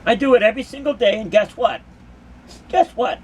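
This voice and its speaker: A woman's voice: a little high, animated, a little fast, background noise. A woman who dances at concerts giving an impassioned, emphatic monologue to her critics, full of repeated rhetorical questions.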